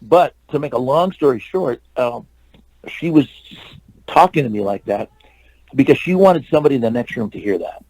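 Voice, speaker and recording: A man's voice: mid-range voice, lively intonation, moderate pace, darkish tone, rough recording. An older man, an actor and stuntman, telling long rambling anecdotes in a casual interview and acting out the lines of the people in them. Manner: rambling anecdotes with restarts and acted-out quotes.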